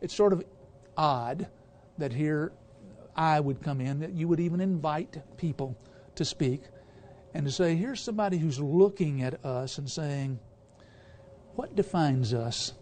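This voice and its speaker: A man with a high voice preaching a sermon to a congregation. He speaks with emphasis, throws questions out to the listeners and trips over his words at times. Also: unhurried, long pauses, a little mellow, a little hiss or hum. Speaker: guest preacher.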